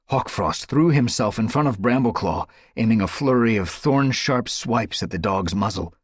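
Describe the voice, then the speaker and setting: A man narrating an audiobook in a measured, dramatic storytelling manner. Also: sits low, breathy edge, no echo. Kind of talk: scripted narration.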